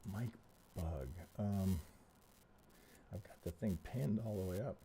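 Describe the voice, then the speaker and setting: Man, casual stream host, swears a lot, close desk mic, slightly low voice. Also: expressive, takes it slowly, pauses often, warm tone, slight background noise. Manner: blunt and profane, thinking aloud while troubleshooting. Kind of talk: casual live-stream talk.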